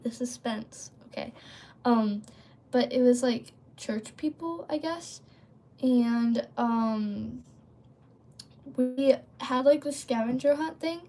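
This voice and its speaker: A young-sounding woman with a slightly raised pitch talks casually to her livestream audience. She wanders off topic, fills pauses with ums and likes, and keeps pausing to respond to viewers' messages. It sounds like a device mic in a casual setup. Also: mellow, slight background noise. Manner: rambling, filler-heavy, often breaks off to read and answer chat. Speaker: livestream host.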